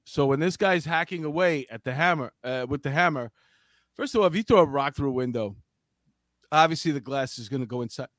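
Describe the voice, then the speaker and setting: A man's voice: fairly high pitch, fairly quick, dry recording, clean studio sound. A man co-hosting a casual crime news podcast, telling stories in a joking, profane way and acting out the people in them. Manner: animated storytelling, acts out voices. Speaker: podcast co-host.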